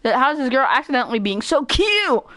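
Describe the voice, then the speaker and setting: A woman streaming a game with casual commentary. She is excitable, swears freely and laughs often. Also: high-pitched, fairly quick, dry recording.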